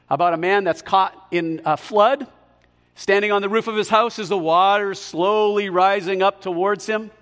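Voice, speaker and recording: A man preaching a sermon, emphatic and slowing down on key words, in a large hall. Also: sits high, fairly bright tone. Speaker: pastor.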